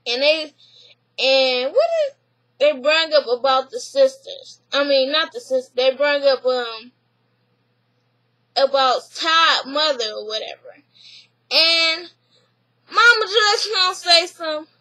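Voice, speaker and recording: A woman's voice: sits high, slow, long pauses, rough recording. A woman casually recapping a reality show, laughing and acting out the people she quotes. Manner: laughing, animated retelling with voiced quotes.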